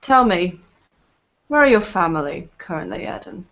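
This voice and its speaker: A woman's voice: on the low side, sing-song, a bit bright. A woman playing an imperious elf matron. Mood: probing. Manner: formal, deliberate. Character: imperious elf high matron, cool and probing. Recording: dull lo-fi recording.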